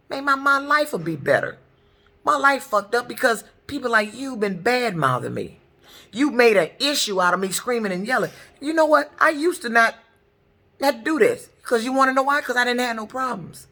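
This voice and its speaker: A woman's voice: a little high, bright, forceful tone. Heated ranting woman. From Detroit, US. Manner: heated, profane, repetitive ranting. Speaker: truck driver. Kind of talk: angry ranting vlog.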